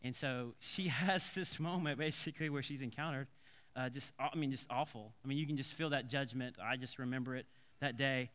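Bright-voiced pastor in a reverberant hall. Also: male voice, medium pitch, fairly quick. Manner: animated, conversational, with many restarts and asides. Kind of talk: storytelling sermon.

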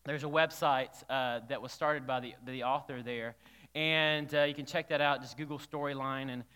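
A man's voice: medium pitch, fairly even intonation, normal speed, pushed and bright, clear, resonant tone. A man preaching a sermon as a pastor, talking conversationally and putting questions to the congregation. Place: church hall. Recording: reverberant church hall.

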